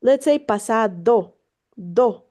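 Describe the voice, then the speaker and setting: A woman teaches Spanish one-on-one on a video call. Her voice sits fairly high and she speaks slowly. She explains in relaxed English peppered with Spanish, encourages her student often, and curses casually. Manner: casual, encouraging, swears offhandedly, laughs easily. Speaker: Spanish tutor. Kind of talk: online one-on-one language lesson.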